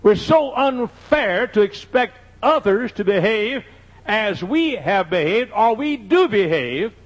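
With a high voice and lively intonation, an older pastor slowly shares humorous, folksy stories from the pulpit. The recording is a dull, lo-fi capture of the sermon.

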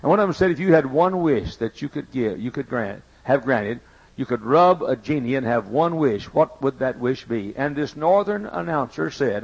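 Gravelly preacher man. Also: mid-range voice, expressive, moderate pace, a little mellow. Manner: folksy, storytelling, repetitive emphasis. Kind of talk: sermon. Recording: dull lo-fi recording.

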